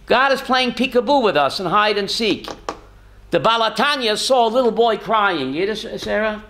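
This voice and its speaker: A man's voice: sits high, animated, normal speed, a bit bright, slight background noise. A man, a rabbi, teaching a Torah class in a folksy, joking way and quizzing his listeners by name. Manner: folksy, jokey asides.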